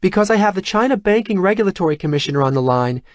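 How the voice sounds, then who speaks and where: A man's voice: sits high, expressive, racing, dry recording, studio quality, pitched above the performer's own voice. A man reading an audiobook, voicing a young female office assistant who calls out urgent news. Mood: hurried.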